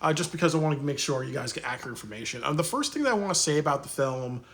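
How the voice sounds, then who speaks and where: A man giving a casual spoken movie review, rambling with many pauses and restarts. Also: a little high, animated, fairly bright tone.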